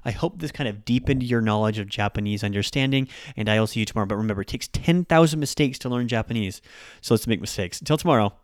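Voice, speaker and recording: A man hosting a podcast language lesson, patiently explaining and modeling Japanese words with exaggerated rises and falls in pitch. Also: fast, no echo. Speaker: podcast host and Japanese teacher.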